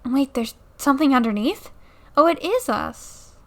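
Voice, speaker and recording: A woman's voice: sits high, animated, measured pace. A young woman casually commenting on a game at home into a new mic, playfully reading the dialogue aloud and joking about it. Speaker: let's play creator. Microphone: new desktop mic.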